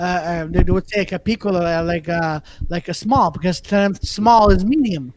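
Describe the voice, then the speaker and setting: A man's voice: sits high, brisk, hardly any pauses, slight background noise. A man co-hosting a casual podcast, rambling and mixing in French phrases. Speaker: podcast co-host.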